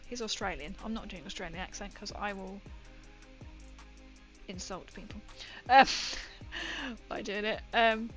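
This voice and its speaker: A woman's voice: medium pitch, a little slow, a bit bright, rough recording. A young woman streaming while painting miniatures, telling a rambling story in casual chat with lots of fillers. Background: faint background music.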